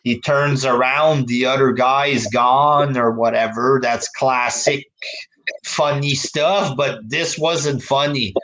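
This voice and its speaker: A man's voice: medium pitch, steady tone, slow pace, a bit bright, low-quality recording. A man hosting a casual wrestling review podcast, talking bluntly with swearing. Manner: blunt, profane, drawling. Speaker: podcast host.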